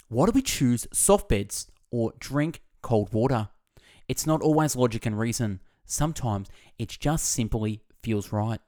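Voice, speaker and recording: A man narrating a scripted book summary in an expressive reading voice that stresses key words. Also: mid-range voice.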